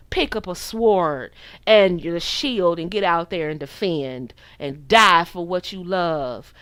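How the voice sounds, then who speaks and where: A woman's voice: medium pitch, no echo. An American woman in her forties, a channel host giving preachy, sassy dating advice to camera. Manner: animated, preachy, with sassy quoted voices. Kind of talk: opinionated commentary to camera.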